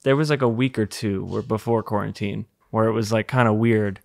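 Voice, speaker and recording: A man's voice: fairly low pitch, steady tone, fairly quick, creaky. A man in his thirties chatting casually as a guest, laid-back with short, understated replies. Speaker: guest, musician and son of the host. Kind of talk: casual chat.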